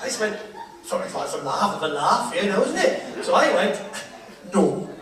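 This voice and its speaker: A man's voice: high voice, very animated, a little fast, heavy reverb. A man doing chatty, laughing stage patter to a theatre audience. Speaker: entertainer on stage. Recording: distant live theatre recording with crowd and noise.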